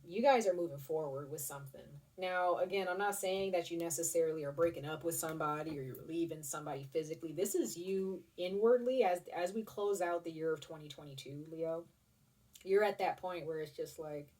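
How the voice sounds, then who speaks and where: Woman, low voice, casual tarot reading, rambling chatty delivery, slightly off-mic. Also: a little fast, darkish tone, far from the mic. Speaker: tarot reader.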